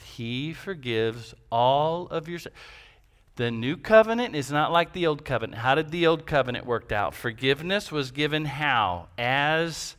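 A man's voice: mid-range voice, fairly bright tone. A man preaching a sermon as pastor, emphatic, with rhetorical questions and repetition.

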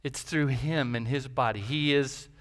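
A man's voice: medium pitch, fairly even intonation, unhurried. A man preaching a sermon as pastor, emphatic, with rhetorical questions and repetition.

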